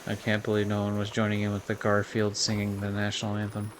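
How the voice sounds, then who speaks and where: A man's voice: on the low side, completely flat delivery, fast, a little hiss or hum. A young man streaming a kart racing game, chatting casually in a rambling way, full of fillers and swearing. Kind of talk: casual gameplay commentary.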